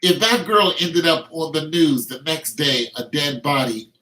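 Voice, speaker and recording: A man's voice: fairly high pitch, lively intonation, measured pace, bright, forceful tone. Emphatic middle-aged man in a roomy echo. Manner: emphatic, repeats words when stressing a point. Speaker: vlogger. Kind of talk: ranting commentary to camera.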